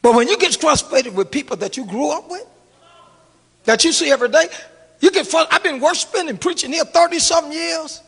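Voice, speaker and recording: A middle-aged male pastor preaching in a big church hall, his voice very high for a man, with a gravelly edge. He drops to a hush and then rises to a shout, calling out to the congregation, while long reverb trails behind each phrase. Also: lively intonation, brisk. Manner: preaching with call-and-response, swinging between hushed and shouted. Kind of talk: sermon. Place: church sanctuary.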